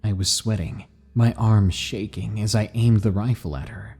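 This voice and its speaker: A man narrating scary stories in a measured, dramatic reading style. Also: on the low side, warm tone, breathy edge, faint music behind. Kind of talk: scripted horror narration.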